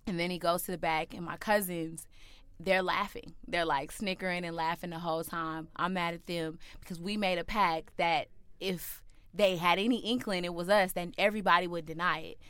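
A young woman tells a personal story with animated energy, leaping into high, loud voices for the people she quotes. Her voice is smooth and slightly low. The sound is dry and close. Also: normal speed, no echo. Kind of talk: personal story told to a listener.

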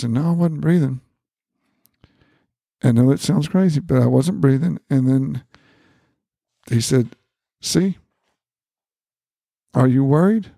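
A middle-aged man with a gravelly, mellow voice tells a personal story in an earnest, conversational way. He stumbles and repeats words, then lifts his pitch to act out quoted lines. The recording is dry and close. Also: no echo. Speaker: guest, family doctor.

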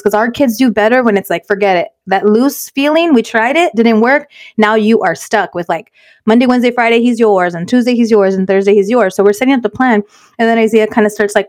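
A middle-aged woman co-hosting a podcast in casual chat, telling candid stories quickly and dropping in Spanish words. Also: mid-range voice, darkish tone. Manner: fast, candid storytelling that mixes in Spanish words. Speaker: podcast co-host.

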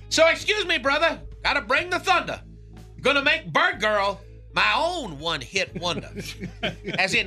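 A man's voice: very high-pitched, pushed and bright, full character voice. A man doing a boastful jive-talking radio hype man. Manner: made-up long words, crude boasting, laughing through lines. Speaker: comedy bit character on a morning radio show. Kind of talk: comedy radio bit. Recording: music under the voice.

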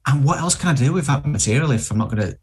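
A man's voice: medium pitch, lively intonation, rapid-fire, breathy edge. A man co-hosting a podcast in casual chat, reading out viewer comments with hesitant restarts. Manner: hesitant, many ums and restarts.

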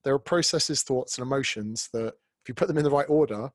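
A man hosting a casual podcast chat, blunt and animated, swearing freely as he talks about his work. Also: medium pitch, fast, no room sound. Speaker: podcast host, fitness coach and author.

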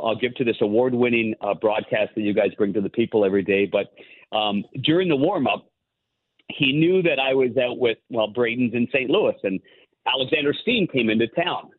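A former goalie turned hockey analyst, a man, calling in and telling rambling anecdotes full of restarts. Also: medium pitch. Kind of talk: casual phone-in interview. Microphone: phone. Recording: tinny phone line.

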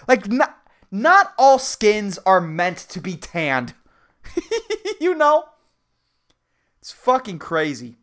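A male podcast host who rants through a solo comedy show, swearing freely and rambling from one gripe to the next. His pitch swings widely as he goes, he talks at an unhurried pace, and he keeps cracking himself up. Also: fairly bright tone. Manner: profane, rambling, laughs at his own jokes.

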